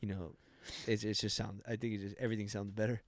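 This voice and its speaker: Loud, animated young American man. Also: on the low side, quick pace, no echo. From Arizona, United States. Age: young adult. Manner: animated storytelling, loud quoted voices, swearing. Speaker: podcast guest. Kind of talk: casual chat.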